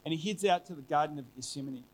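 A man's voice: fairly high pitch, fast talker, a little hiss or hum. A middle-aged man preaching a sermon, telling a personal story in an earnest, conversational way with frequent restarts.

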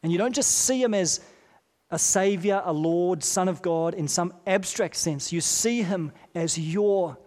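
A man's voice: sits high, darkish tone. Earnest preacher man in a reverberant hall. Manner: earnest, repeats key phrases with slow deliberate pauses. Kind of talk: sermon. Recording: long reverb of a large hall.

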